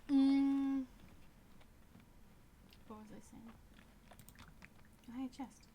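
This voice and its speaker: A high-pitched young woman in her twenties draws out her words in a steady tone while streaming a game, chatting casually, rambling, self-correcting and laughing often. The background is noisy, with game music and keyboard typing.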